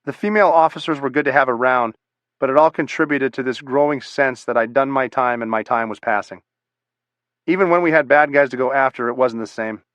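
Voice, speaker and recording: Steady man reading a memoir. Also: mid-range voice, fairly quick, clean tone, no echo, highs cut off. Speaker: audiobook narrator. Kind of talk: first-person memoir narration.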